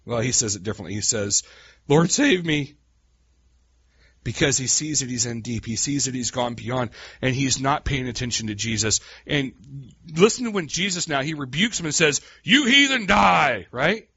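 A man preaching a sermon in a folksy, animated way, calling his listeners "guys" and swinging from quiet asides to loud cries. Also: mid-range voice, moderate pace, slightly rough, no room sound, dull audio.

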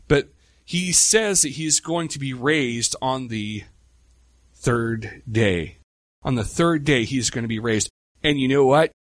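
A man's voice: mid-range voice, no room sound. Conversational male pastor, dry close sound. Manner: conversational, rhetorical questions, slow emphatic pauses. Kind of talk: sermon.

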